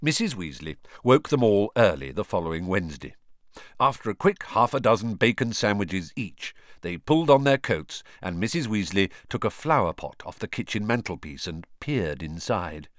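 Expressive male storybook narrator. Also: fairly low pitch, moderate pace, no echo, studio quality. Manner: expressive, lively reading. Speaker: audiobook narrator.

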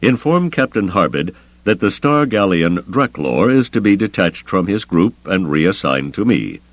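A man voicing a calm, calculating male grand admiral who speaks in a smooth, measured way, in an audiobook reading. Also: deep voice, no room sound, pitched above the performer's own voice, exaggerated voice. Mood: commanding.

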